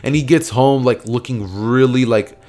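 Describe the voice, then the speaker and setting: Guy telling a what-if story out loud, rambly, um and like everywhere, mid-range voice. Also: mid-range voice, moderate pace. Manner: rambling, lots of fillers. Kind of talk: casual fan-fiction narration.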